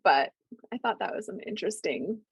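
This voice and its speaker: Lively, breathy woman co-host. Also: mid-range voice, normal speed, no echo. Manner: candid, self-deprecating, laughs often. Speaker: podcast co-host, author. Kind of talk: casual chat.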